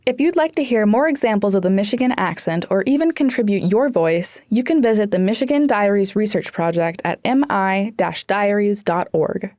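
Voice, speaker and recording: A woman's voice: mid-range voice, moderate pace, few pauses, a little mellow, no echo, studio quality. A woman reporter reading a scripted news story with a playful touch.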